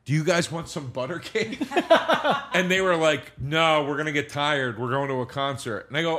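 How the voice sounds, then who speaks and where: A man's voice: a little high, fairly quick, fairly bright tone. A man telling stories in a casual podcast chat, acting out dialogue and swearing freely. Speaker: guest comedian.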